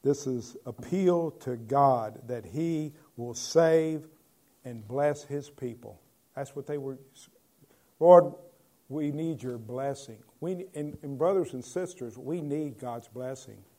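A man, a pastor, preaching a conversational sermon and moving between loud proclamation and quiet asides. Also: medium pitch, takes it slowly.

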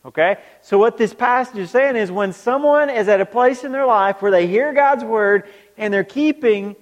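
A man's voice: high-pitched, normal speed. A man preaching a sermon in a large church hall, throwing rhetorical questions back at the congregation. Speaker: pastor. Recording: long reverb of a large hall.

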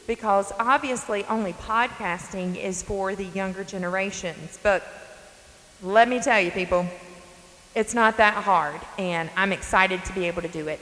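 A woman's voice: medium pitch, steady tone, normal speed, fairly bright tone. A woman in her forties from North Carolina with a Southern accent, hosting a faith podcast in an earnest, folksy, emphatic way from her front porch. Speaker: podcast host. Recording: long reverb, faint hiss.

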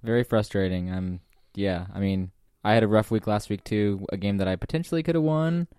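A man's voice: fairly low pitch, fairly quick, warm tone, clear, resonant tone, no echo. Dry-humored man co-hosting a podcast. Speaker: podcast co-host. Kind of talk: casual podcast chat and recap reading.

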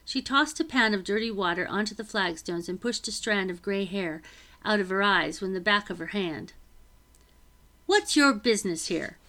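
A woman narrating a novel aloud in the first person, with steady, even reading. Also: mid-range voice, moderate pace.

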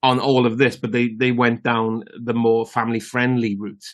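A man's voice: mid-range voice, little pitch movement, moderate pace. A man co-hosting a casual film podcast, chatty and full of fillers, eagerly retelling scenes. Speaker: podcast co-host.

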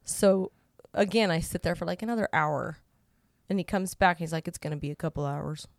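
A woman's voice: on the low side, fairly quick, gravelly, no room sound, clean studio sound. A middle-aged woman telling a story in casual chat, acting out the people she quotes and laughing along. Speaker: podcast co-host.

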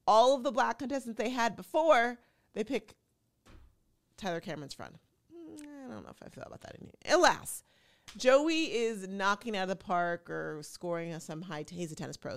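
A middle-aged woman from the United States hosting a show, giving a casual, chatty commentary monologue full of opinionated, wry asides. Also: lowish voice. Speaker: talk show host.

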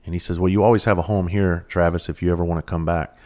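A man's voice: sits low, fairly even intonation, quick pace, a little mellow. A former police officer and firefighter, a man in his thirties, telling a story casually with plenty of swearing. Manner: profane, laid-back storyteller with bursts of laughter.

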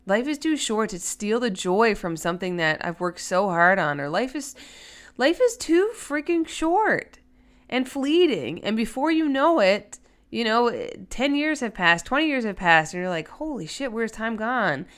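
A woman's voice: mid-range voice, very animated, normal speed, a bit bright, clean tone. A woman hosting a solo podcast in a chatty, earnest way, with many fillers. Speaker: podcast host. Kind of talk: casual solo podcast talk.

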